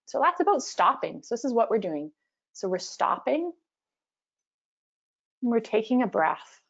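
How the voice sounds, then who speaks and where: A woman leading an online workshop, speaking gently and encouragingly as she guides a mindfulness practice. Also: fairly high pitch, sing-song, a little slow, gravelly, lo-fi sound. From Canada. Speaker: workshop facilitator.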